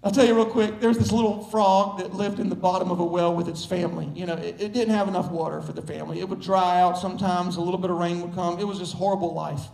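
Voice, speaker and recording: A man preaching a sermon as pastor, emphatic and building up to shouts. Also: sits high, steady tone, fast talker, gravelly, hardly any pauses. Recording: echoey room.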